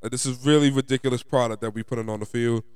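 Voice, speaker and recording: A young man from New York, his New York accent coming through as he rants. He talks in an emphatic, profane, fed-up way, like a fan vlogger venting. His voice is smooth and resonant, recorded dry and close. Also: mid-range voice, steady tone, fast, a little mellow, no echo. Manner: frustrated, profane, emphatic ranting. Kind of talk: ranting fan commentary.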